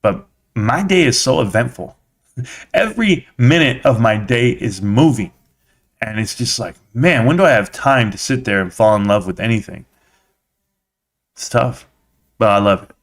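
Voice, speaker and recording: A man's voice: mid-range voice, lively intonation, moderate pace, long pauses. A man hosting a casual live stream, chatting with viewers as a slangy, blunt storyteller.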